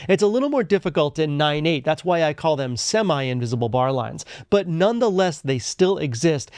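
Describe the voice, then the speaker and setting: A man's voice: fairly high pitch, a little mellow, dry recording, studio quality. A man teaching a music lesson, explaining things methodically and step by step. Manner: methodical explaining, chants rhythm syllables. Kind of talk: instructional video lesson.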